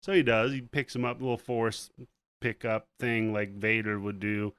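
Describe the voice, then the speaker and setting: Low-voiced man recapping a movie, profane. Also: little pitch movement, moderate pace, a bit bright, smooth, dry recording. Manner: profane, retells scenes by acting out the characters' lines. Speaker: podcast host. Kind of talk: casual movie recap chat.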